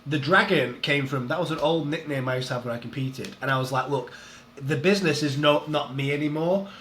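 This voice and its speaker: A man's voice: fairly high pitch, a little fast, fairly bright tone, a little hiss or hum. A man, a strength coach, chatting in an interview, explaining things eagerly and laughing at himself. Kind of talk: casual interview chat. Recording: roomy echo.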